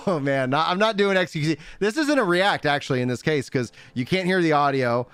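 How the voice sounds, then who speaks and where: A man's voice: a little high, lively intonation, moderate pace, a bit bright, smooth, no echo. A man in his thirties hosting a livestream, talking casually, rambling with lots of fillers and frequent laughs. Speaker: livestream host. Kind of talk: casual chat.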